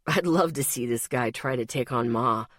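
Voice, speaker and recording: A woman voicing a calm, protective young man with a smoky, soothing voice in an audiobook. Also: rumbling low, moderate pace, breathy edge, no room sound, studio quality, pitched below the performer's own voice, full character voice.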